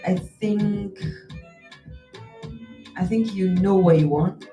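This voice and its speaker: A woman from Nigeria talks as a guest on a radio show, easygoing and warm in her agreement. Her voice is mellow and relaxed, sounding roomy and set back from the mic. Light music sits beneath her. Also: medium pitch, slow, recorded from a distance. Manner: easygoing, laughs along, affirming. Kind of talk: casual radio chat.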